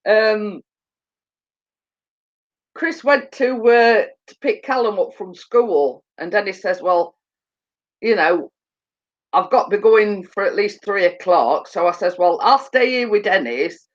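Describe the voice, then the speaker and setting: A woman's voice: medium pitch, animated, slow, long pauses. A woman chatting casually with viewers on a live stream, telling funny stories and laughing often. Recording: dull lo-fi sound.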